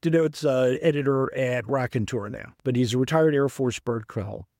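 A man's voice: mid-range voice, moderate pace, creaky, no echo, clean studio sound. A middle-aged man with a Southern US accent, telling stories in a casual interview as an author and raising his voice to act out friends he quotes. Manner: animated storyteller, acts out quoted friends in a raised voice.

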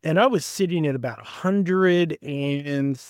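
A middle-aged author with a Southern US accent tells stories at length in a relaxed interview, jumping up in pitch whenever he acts out what a friend said. His man's voice sits a little high. The recording is close and dry, with no room sound. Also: unhurried, no echo. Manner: animated storyteller, acts out quoted friends in a raised voice. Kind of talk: casual storytelling in an interview.

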